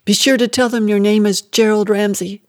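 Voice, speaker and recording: A man voicing a cruel, angry mother who barks harsh commands in a loud, raised voice. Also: sits high, measured pace, no echo, studio quality. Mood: harsh commanding.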